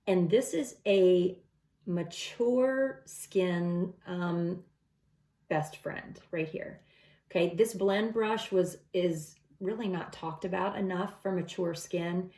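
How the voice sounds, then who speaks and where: A woman's voice: lowish voice, darkish tone. A middle-aged woman talking through a makeup tutorial step by step in a casual, chatty way. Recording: echoey room.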